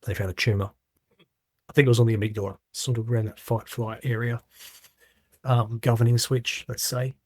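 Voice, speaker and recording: A man's voice: mid-range voice, flat delivery, a little fast, pauses often, a little mellow, dry recording. A middle-aged man, a podcast guest, making his points with emphatic stories and rhetorical questions. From Australia. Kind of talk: casual podcast conversation.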